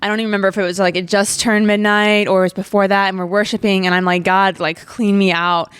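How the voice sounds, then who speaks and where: Young woman, podcast host, casual storytelling, lots of "like", mid-pitched voice. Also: flat delivery, fast talker, clear, resonant tone, dry recording. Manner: chatty, heavy on fillers like "like".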